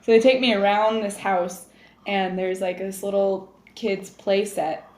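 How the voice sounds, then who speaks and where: A woman co-hosting a podcast, telling a party story in a giggly, animated way and acting out what people said. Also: medium pitch, unhurried. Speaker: podcast co-host. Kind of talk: casual chat, storytelling. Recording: echoey room, faint noise.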